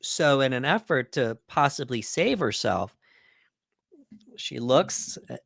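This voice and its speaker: A man co-hosting a podcast, casually recapping film scenes and acting out characters' lines with quick put-on voices. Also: mid-range voice, very animated, gravelly, a bit bright, no echo, studio quality. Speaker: podcast co-host. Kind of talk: casual movie breakdown chat.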